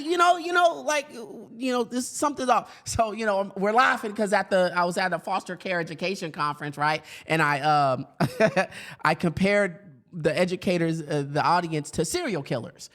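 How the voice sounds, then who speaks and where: A man with a fairly high voice talks to educators in an easygoing, animated way. He leans on fillers and quick asides, and often puts on other voices when he quotes people. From grew up in foster care. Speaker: podcast host and speaker for educators. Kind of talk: motivational talk.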